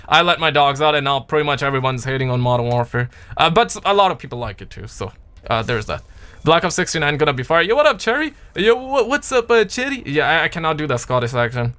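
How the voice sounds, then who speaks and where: A young man chatting casually on a livestream, reading out viewers' names and talking games in slangy, animated bursts. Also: medium pitch, fast talker, clean tone. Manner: slangy, animated, reads chat aloud. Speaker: streamer.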